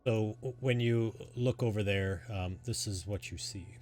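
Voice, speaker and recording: Low-voiced man narrating as game master. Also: measured pace, slight background noise. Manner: relaxed, hesitant narration with fillers.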